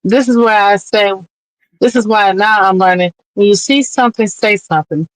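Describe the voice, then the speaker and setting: A woman's voice: mid-range voice, moderate pace, dry recording, poor audio. A woman guest on a streamed interview show, talking earnestly and with passion as an advocate, close to tears at times. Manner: earnest, impassioned, tearful at times. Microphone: remote streaming mic.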